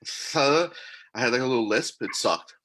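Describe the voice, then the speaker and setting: A man's voice: mid-range voice, lively intonation, moderate pace, fairly bright tone, slight background noise. A man co-hosting a casual podcast, giddy and laughing a lot, swearing freely. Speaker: podcast co-host. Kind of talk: casual joking chat.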